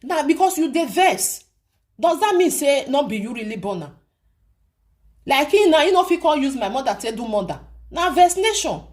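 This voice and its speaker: A woman's voice: high voice, sing-song, moderate pace, darkish tone. A woman with a Nigerian accent giving casual commentary to her viewers, emphatic, repeating her points and asking rhetorical questions. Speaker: vlogger.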